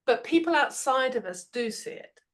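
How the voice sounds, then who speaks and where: A woman's voice: high voice, normal speed. A woman giving management advice in a conversational way, telling stories and acting out what people said. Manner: lively storyteller, acts out quotes, frequent laughs. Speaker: podcast guest expert on management.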